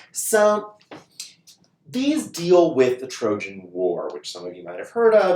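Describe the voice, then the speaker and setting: A man giving a recorded university lecture to camera, chatty and informal, often checking in with "right?" and now and then swearing. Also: medium pitch. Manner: casual and lively, frequent "right?" check-ins, mild swearing. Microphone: camera mic. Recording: echoey room.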